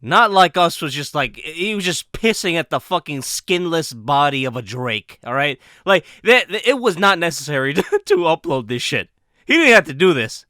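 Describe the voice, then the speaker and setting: A commentator with a slightly high-pitched male voice, bright and sharp, swooping animatedly as he laughs often and tosses in casual swearing. His pace is moderate, and the recording is dry and close, like he's talking right into his own vlog mic.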